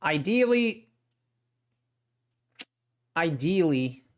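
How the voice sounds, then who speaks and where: A man's voice: fairly high pitch, sing-song, drawn-out words. A man hosting a live day-trading stream, chatting casually with viewers and thinking aloud about the market, often trailing off and restarting. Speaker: day trading livestream host.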